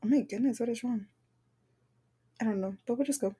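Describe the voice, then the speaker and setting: A woman's voice: fairly high pitch, brisk, over loud music. A young woman hosting a casual solo podcast, nervous, self-conscious and apologetic, recording at home. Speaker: podcast host. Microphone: home microphone.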